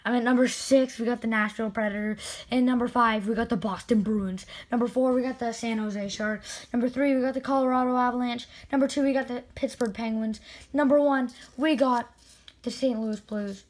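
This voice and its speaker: A woman hockey video creator giving excited spin-the-wheel commentary with indignant outbursts. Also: a little high, fairly quick, low-quality recording.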